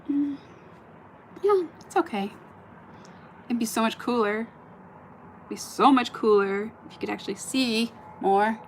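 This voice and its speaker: A woman live streaming outdoors at night into a phone on a stand, chatting in a bubbly way and often dropping to a soft murmur. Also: medium pitch, vocal fry, slight background noise. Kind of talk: casual live stream chat. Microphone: phone camera on a stand.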